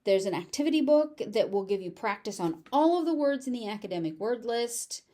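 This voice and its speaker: A woman with a General American accent teaching English pronunciation, saying each word slowly and carefully and repeating it several times. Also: on the high side, lively intonation, dark tone.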